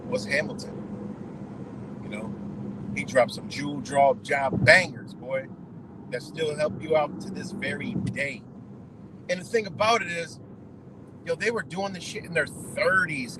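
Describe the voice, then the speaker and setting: Profane rambling man, high voice. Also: noisy background. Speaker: livestream host. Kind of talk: casual ranting livestream.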